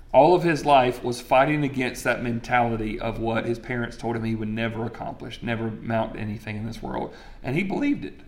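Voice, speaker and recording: A man's voice: medium pitch, a bit bright. A man, preaching a sermon in a conversational way and asking the crowd questions. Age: 40s. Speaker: pastor.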